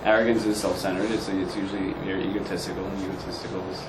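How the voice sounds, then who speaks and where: A man in the audience giving a halting answer, searching for his words, heard from across the room. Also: sits low, level tone. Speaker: audience member. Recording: distant from the mic in an echoey room, noisy.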